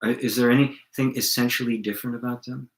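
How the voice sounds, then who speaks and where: A middle-aged man leading a spiritual satsang, talking calmly and asking reflective questions as he answers viewers. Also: medium pitch, fast, echoey room, low-quality recording. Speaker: spiritual teacher.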